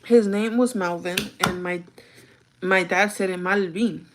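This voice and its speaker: A woman's voice: fairly low pitch, steady tone, unhurried, noisy background. A young adult woman vlogging in casual chat, rambling through a story with lots of fillers and switching languages mid-sentence.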